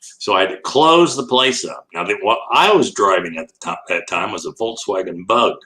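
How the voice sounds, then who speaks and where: A man's voice: lowish voice, expressive, moderate pace, sharp tone, low-quality recording. An older man, an animal educator, telling a long anecdote as an interview guest, laughing often and acting out the voices in his story.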